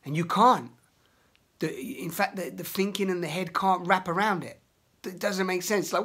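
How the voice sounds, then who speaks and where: Man, confessional vlog, rambling, swears a lot, sudden loud bursts. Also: sits high, moderate pace. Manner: rambling, emotional, swears often, shouts in bursts. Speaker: vlogger. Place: outdoors in nature.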